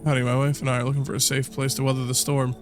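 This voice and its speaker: A man reading the lines of a polite, evasive traveler begging for shelter, soft-spoken and pleading. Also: medium pitch, monotone, very fast, faint music behind, natural voice. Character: polite male traveler, wife in tow, evasive.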